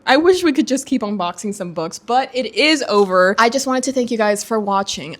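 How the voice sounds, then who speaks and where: A woman hosting a casual video, chatting in a gushing, excitable way. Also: on the high side. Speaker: booktuber host. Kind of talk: casual vlog chat.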